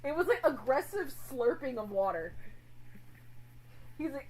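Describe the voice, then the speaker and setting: A woman streamer chatting casually with her viewers, animated and swearing a lot. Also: sits high, a little slow, husky, rough recording.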